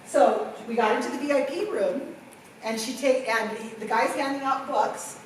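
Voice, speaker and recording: Middle-aged woman presenter, fairly high voice, animated storyteller; recorded from afar in a very echoey room. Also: moderate pace, far from the mic, a little hiss or hum. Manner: animated storytelling with acted-out quotes. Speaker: workshop presenter. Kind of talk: conference workshop talk. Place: conference room.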